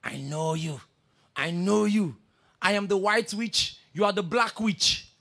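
A man preacher voicing a woman who shouts that she is a witch, repeating herself insistently. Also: high voice, measured pace, vocal fry, heavily acted. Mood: accusing.

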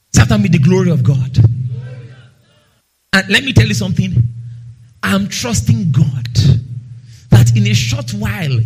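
High, husky preacher. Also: male voice. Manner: emphatic preaching with call-and-response; reads scripture slowly and loudly. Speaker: pastor. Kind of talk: sermon.

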